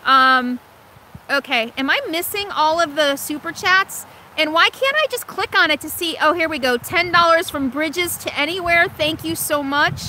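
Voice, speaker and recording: A woman's voice: sits high, normal speed, bright, forceful tone, slight background noise. A middle-aged woman hosting a casual live stream, chatting with viewers, thanking donors and answering questions with many fillers and restarts. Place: inside an RV or vehicle.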